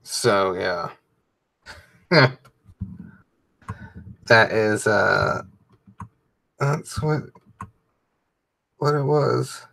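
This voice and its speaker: A comedian talking loosely and profanely while coloring on a stream, with lots of fillers. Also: male voice, fairly low pitch, lively intonation, extremely slow, vocal fry, pauses often, pushed and bright. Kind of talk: casual rambling chat.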